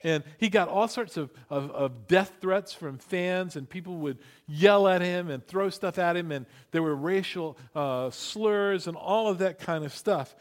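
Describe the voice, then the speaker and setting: Animated, high-voiced preaching man. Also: measured pace, hardly any pauses. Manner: animated storytelling, acting out quotes; emphatic repetition. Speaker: pastor. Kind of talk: sermon.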